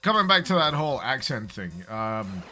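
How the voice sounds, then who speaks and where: A young man from Liverpool with a softened Scouse accent, giving casual gameplay commentary on a livestream, rambling, stammering over words and swearing wryly. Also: medium pitch, sing-song, normal speed, over music. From Liverpool, England. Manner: rambling, stammering repeats, frequent swearing, wry.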